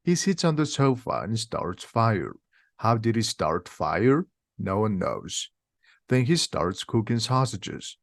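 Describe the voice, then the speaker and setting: A man slowly reading a simplified storybook aloud for language learners. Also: on the low side, big pitch swings, no room sound, studio quality. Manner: slow, simple, clearly paced. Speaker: reader. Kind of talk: slow graded-reader story narration for learners.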